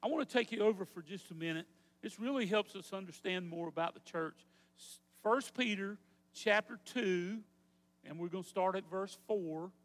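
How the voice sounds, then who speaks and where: High-voiced pastor preaching in a hall. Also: male voice, normal speed. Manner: teaching, asks congregation to repeat words. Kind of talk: sermon. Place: church sanctuary.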